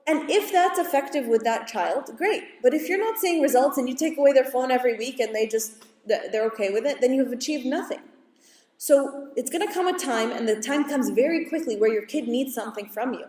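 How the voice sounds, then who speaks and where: A woman school psychologist giving a calm, explanatory parenting talk to an audience, now and then acting out what parents and kids say. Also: high-pitched, a little fast. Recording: echoey hall from far off.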